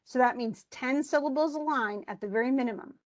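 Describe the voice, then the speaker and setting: A woman's voice: sits high, fairly quick. A woman instructor giving an online class lecture over a computer mic, talking conversationally with many restarts and check-ins with the students. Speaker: college English instructor.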